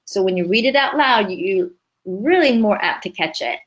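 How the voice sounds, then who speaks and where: A woman's voice: medium pitch, expressive, normal speed, fairly bright tone, rough recording. A woman leading a writing workshop in a chatty, upbeat way, laughing easily as she explains. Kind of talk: casual teaching chat.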